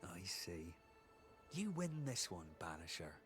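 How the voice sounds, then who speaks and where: A man's voice: low-pitched, very animated, measured pace, a bit bright, faint music behind, exaggerated voice. An actor playing a greedy, resentful male villain in a game, speaking with a bitter, sneering manner.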